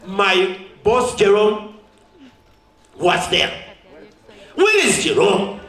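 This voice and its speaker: Ugandan man, high-pitched, laughing and exuberant at a ceremony speech, roomy echo. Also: animated, normal speed, a bit bright, a little hiss or hum. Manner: exuberant, laughing often, mixing in Swahili. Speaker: sports champion giving a thank-you speech.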